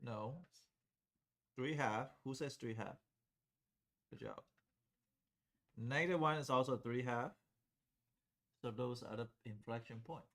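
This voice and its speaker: A man lecturing a calculus class in a relaxed, conversational way. He talks through each step at the board and keeps stopping to ask students whether it makes sense. His voice sits at an ordinary middle pitch. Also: takes it slowly, long pauses. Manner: conversational, checks in with students often. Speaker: calculus teacher.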